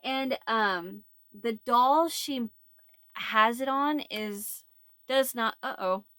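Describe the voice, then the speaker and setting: A woman's voice: on the high side, very slow, a bit bright, no room sound, studio quality. A woman chatting casually to camera as a crochet vlogger, rambling and laughing easily. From United States. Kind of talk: casual chat.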